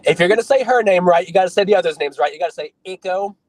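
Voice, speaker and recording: A man with a notably high voice co-hosting a live chat show. He sets facts straight plainly and teases his co-hosts. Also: lively intonation, rapid-fire, no room sound. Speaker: podcast co-host.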